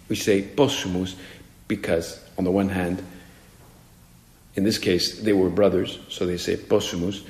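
A man's voice: fairly low pitch, a little slow, long pauses, a little mellow. A man giving a spoken meditation as a priest, talking in a conversational, musing way with frequent restarts, in an echoey hall with faint music behind.

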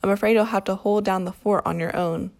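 A cheerful, easygoing father bear from a storybook, as a woman reads him. His lines keep a middle pitch with a rough, gravelly fry. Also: fairly even intonation, a little fast, a little mellow, close to an everyday voice. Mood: friendly.

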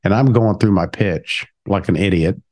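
A man's voice: low voice, moderate pace. A middle-aged man co-hosting a casual chat, telling sales stories and acting out both sides of the talk. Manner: animated, acts out both sides of his stories. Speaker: podcast co-host.

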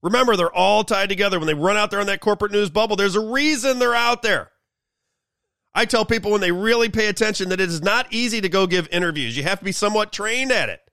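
Brief: male show host, sarcastic political rant, high gravelly voice, dry close sound. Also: fast talker, sharp tone, no echo. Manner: sarcastic, mocking. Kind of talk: political commentary monologue.

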